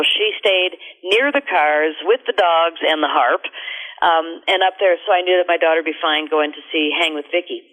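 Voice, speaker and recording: A middle-aged woman, a radio guest, telling a story in an animated, expressive way. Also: on the low side. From America. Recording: tinny phone line.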